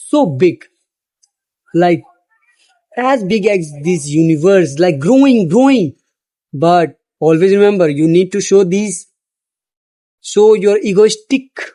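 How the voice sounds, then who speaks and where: A man's voice: high-pitched, dark tone. A man giving a blunt, profane motivational monologue, repeating phrases for emphasis. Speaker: motivational speaker.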